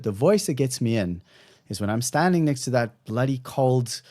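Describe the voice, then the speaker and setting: A man hosting a podcast, speaking in a heartfelt, effusive way and thanking his guest and listeners warmly. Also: medium pitch, expressive, normal speed. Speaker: podcast host. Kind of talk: conversational podcast talk.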